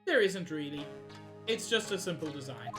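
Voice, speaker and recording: A woman's voice: sits low, animated, normal speed. A woman from Africa, playfully reading game dialogue aloud with joking asides. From South Africa. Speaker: game streamer. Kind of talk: playing and voicing a game live. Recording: game music underneath.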